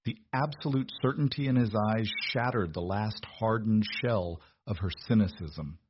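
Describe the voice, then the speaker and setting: A man narrating a romance novel in a steady, measured delivery. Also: lowish voice, background noise. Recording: dull, dry lo-fi recording.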